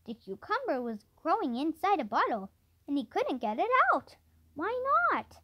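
High, lively woman reading a storybook aloud. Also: normal speed. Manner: plain read-aloud with small stumbles and restarts. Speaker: storybook reader. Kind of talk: reading a children's chapter book aloud.

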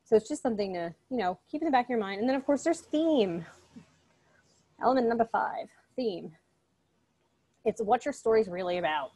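A woman's voice: fairly high pitch, lively intonation, fairly quick, pauses often, dark tone. A woman, a college English instructor, giving a recorded online lecture in a casual, chatty way, often checking in with "okay?" and speaking directly and encouragingly to her students.

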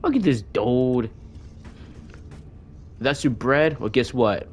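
A gaming streamer doing let's play commentary, cursing and mocking the game's enemies in a taunting sing-song, with excitable outbursts. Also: mid-range voice, slow pace, a little hiss or hum. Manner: profane trash-talking of game enemies.

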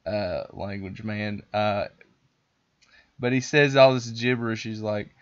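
A man hosting a podcast, telling a story in a rambling, profane, animated way. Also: on the low side, unhurried, dull audio. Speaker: podcast host. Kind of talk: casual storytelling chat.

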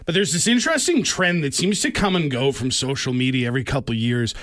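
A man's voice: medium pitch, expressive, fast, a bit bright. A man co-hosting a podcast in casual chat, joking and laughing often. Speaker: podcast co-host.

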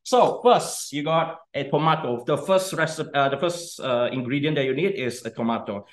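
A man's voice: medium pitch, moderate pace. A young man giving a casual cooking demonstration, chatty and often checking in with "okay?". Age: young adult.

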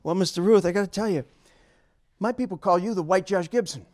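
A man voicing a shy, quiet young ballplayer with dry wit and an understated delivery. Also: high-pitched, a little fast, noisy background, natural voice. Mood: wry.

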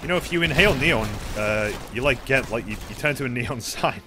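Loud yelps and bursts of laughter punctuate this gaming stream, where a young man chats and reacts in a medium-pitched, fairly quick voice. His manner is excitable throughout the commentary.

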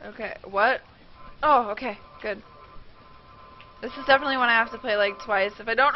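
Young woman game streamer, high voice, swears and yelps, dull lo-fi mic with faint hiss. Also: moderate pace, long pauses. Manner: swearing, shrieking panicked reactions. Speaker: gaming streamer. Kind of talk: live game commentary.

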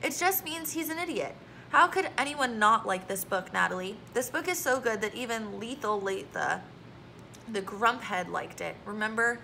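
A bossy, outspoken schoolgirl in a storybook read-aloud, raised and emphatic, voiced by a woman. Her bright, gravelly tone pushes every point home. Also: fairly high pitch, expressive, moderate pace, a little hiss or hum, heavily acted, rough recording. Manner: emphatic and forceful. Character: blunt, bossy young girl, the loyal friend.

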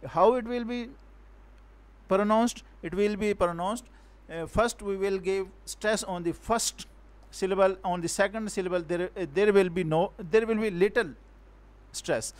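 A male teacher giving a recorded poetry lecture, talking slowly and haltingly, restarting words and sounding out syllables and stresses aloud. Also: sits high, a little mellow, dry recording. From Pakistan.

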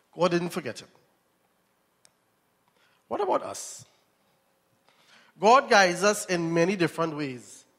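A man's voice: high-pitched, fairly bright tone. A Trinidadian man preaching a sermon, telling a story and asking his listeners questions. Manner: storytelling, asks the audience questions. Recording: long reverb in a hall.

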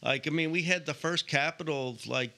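A man's voice: on the high side, normal speed, creaky, sharp tone. A man from eastern Washington, a stand-up comedian guest in casual chat, rambling with lots of restarts. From eastern Washington, USA.

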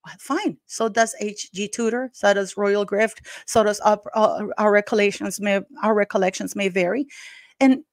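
A woman's voice: mid-range voice, steady tone, normal speed, dry recording, studio quality. A woman hosting her own channel, giving heated, emphatic commentary and speaking straight to her viewers as "guys". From Canada. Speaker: YouTube channel host.

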